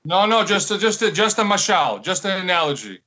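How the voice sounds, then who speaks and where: A man's voice: high voice, sing-song, brisk, pushed and bright. A man, a talk show guest, eagerly interrupting and pressing the speaker to hurry.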